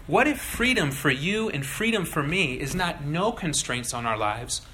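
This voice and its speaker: Man, pastor, sermon, higher voice, bright and forceful, animated storytelling, faint ambience. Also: moderate pace, a little hiss or hum, low-quality recording. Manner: animated, acts out voices in illustrations.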